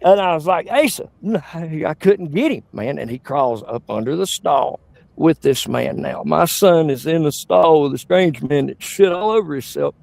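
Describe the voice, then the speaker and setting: Gravelly man telling crude stories. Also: animated, normal speed, darkish tone, dry recording. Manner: crude, rambling anecdotes with sudden high-pitched outbursts. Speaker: stand-up comedian. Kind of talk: stand-up storytelling.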